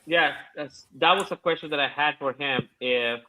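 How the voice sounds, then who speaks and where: A tired man in a casual podcast chat, his voice fairly high and bright. He speaks haltingly, stopping and restarting his sentences. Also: rough recording.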